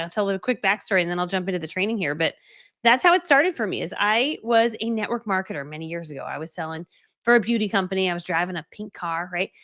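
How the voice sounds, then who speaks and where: Fast-talking, animated woman coach. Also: medium pitch. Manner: animated, dramatic retelling with many "like"s and "right?". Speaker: online course creator and coach. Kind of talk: casual storytelling to camera.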